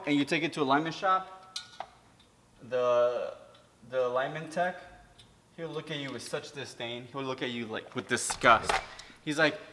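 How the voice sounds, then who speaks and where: A man's voice: fairly high pitch, a bit bright, long reverb tail, slight background noise. A man, a mechanic, chatting casually as he works in his repair shop, explaining each step and swearing now and then. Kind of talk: casual how-to vlog.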